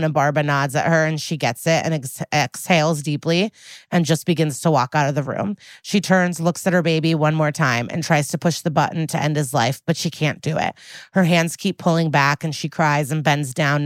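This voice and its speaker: A woman co-hosting a podcast, retelling TV scenes in casual chat, blunt and quick to swear. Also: sits low, no room sound, studio quality. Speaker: podcast co-host recapping episodes.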